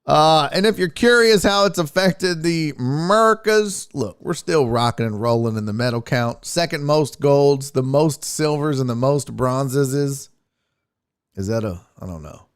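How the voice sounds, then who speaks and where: A man's voice: fairly high pitch, a little slow, clear, resonant tone. A man hosting a sports talk show, ranting in a casual, profane way.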